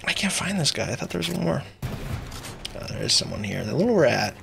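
A man streaming a video game live, talking excitedly and mockingly at himself with his mouth stuffed with marshmallows. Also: medium pitch, fairly quick, gravelly, noisy background. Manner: muffled speech with marshmallows in mouth. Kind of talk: live gameplay commentary.

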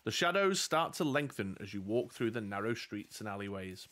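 A man's voice: fairly low pitch, normal speed. A man reading a fantasy gamebook aloud as game master, with jokey asides. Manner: steady storytelling with jokey asides. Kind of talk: narrating a gamebook live play.

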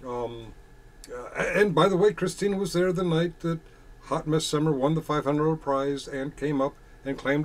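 A man's voice: a little high, darkish tone. A man hosting a casual chat stream, reading out viewer comments and answering them in a crude, profane and mocking way. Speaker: channel host reading chat.

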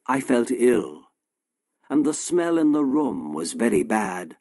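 A man narrating a story in a slow, simple, deliberate way for English learners. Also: mid-range voice, sing-song, darkish tone, dry recording, clean studio sound.

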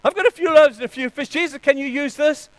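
A preacher voicing an eager small boy, speaking up high and excited. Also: quick pace, no echo, rough recording. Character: eager small boy offering his lunch.

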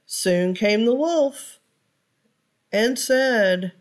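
A woman reading a children's picture book aloud for storytime, pausing to ask her listeners questions. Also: on the low side.

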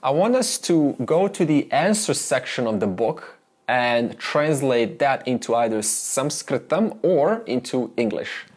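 A man's voice: mid-range voice, expressive, unhurried, a little mellow. A man teaching a beginner Sanskrit lesson, patiently repeating sounds for students and explaining where the tongue goes. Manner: patient, repeats sounds many times for practice; explains mouth and tongue positions step by step. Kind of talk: beginner language lesson with pronunciation drills.

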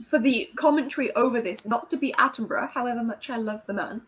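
A woman co-hosting a casual chat over a video call, teasing and quick with jokes. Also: on the high side, a bit bright, breathy edge, lo-fi sound.

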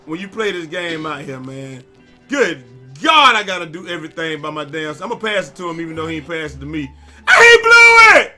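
A young man streams himself playing a basketball video game, talking nonstop and breaking into shouts at his teammates. His voice sits high and swings widely, with a very bright, sharp tone. Faint music plays behind him. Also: a little fast. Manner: loud, excitable, yells at teammates. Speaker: gaming YouTuber. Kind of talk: live gameplay commentary.

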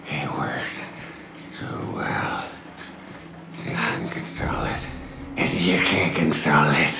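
An actor playing a menacing male asylum patient in a horror game, with a gravelly voice that swings between whispers and shouts. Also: a bass voice, steady tone, slow, very noisy, full character voice. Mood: ominous. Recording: echoey game audio over loud music.

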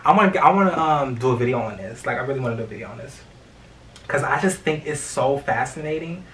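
A man's voice: mid-range voice, fast talker, far from the mic, slight background noise. A young man, talking casually in a vlog with lots of fillers and swearing. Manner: expressive, swears freely, many fillers. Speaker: vlogger. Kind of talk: casual storytime chat.

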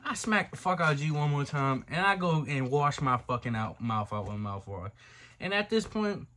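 A young man recounts a story on his channel in a relaxed monologue full of slang and profanity, jumping into the voices of those involved. His medium-pitched voice has lively intonation, normal speed and a fairly bright tone, with slight background noise.

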